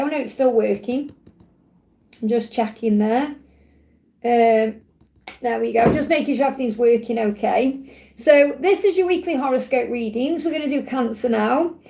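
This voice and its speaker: A woman from the UK talks through a live tarot reading in a high but dark, mellow voice. She sounds a little croaky today. She keeps repeating key words and checking in with "okay?" to reassure the viewers. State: slightly croaky voice. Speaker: tarot reader and livestream host.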